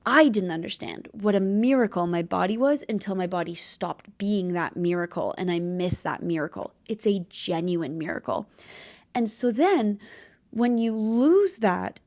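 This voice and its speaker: A woman's voice: medium pitch, expressive, unhurried, a little mellow. A young woman hosting a podcast, talking in a casual, heartfelt and rambling way, with lots of filler words. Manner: earnest, rambling, filler-heavy, tearful at times. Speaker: podcast host.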